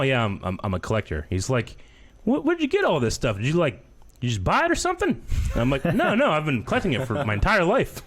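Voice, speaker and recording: A man in his thirties, a podcast co-host, telling stories in casual chat and lively voicing other people's lines. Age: 30s. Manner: animated storyteller, does high-pitched voices in quoted speech.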